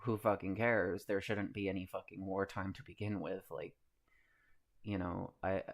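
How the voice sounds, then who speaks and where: A man's voice: sits low, little pitch movement, moderate pace, gravelly. A man streaming live, reading the news aloud and riffing on it in a rambling, casual way, with many fillers and some swearing.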